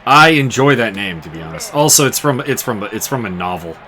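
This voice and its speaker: A man calls the action of his baseball game in a chatty, loose way, laughing often and riffing on player names. His voice is bright and swings up and down lively. Faint noise sits under the recording. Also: mid-range voice, a little fast. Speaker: game streamer commentating his baseball season. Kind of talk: casual play-by-play commentary.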